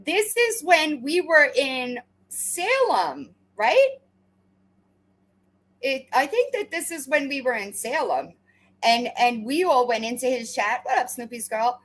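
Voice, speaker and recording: A woman's voice: sits high, big pitch swings, slow, fairly bright tone, rough recording. A woman commentator reacting to a livestream clip, confrontational and sarcastic, often restarting her words.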